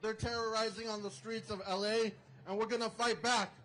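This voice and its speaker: A man's voice: high voice, level tone, fairly quick, fairly bright tone, slight background noise, poor audio. A man emceeing an outdoor protest rally, fervently rallying the crowd between speakers.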